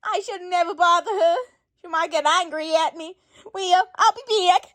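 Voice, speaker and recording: A woman voicing a cheerful, flirty country farm woman who yells at her animals, with a folksy drawl. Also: extremely high pitch, moderate pace.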